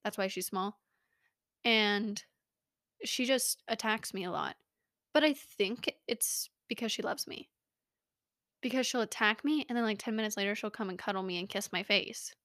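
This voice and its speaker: This young podcast host has a mid-range, slightly bright voice, talks at normal speed, and leaves long pauses. Her casual, self-mocking rambling is captured dry and close in a small home studio.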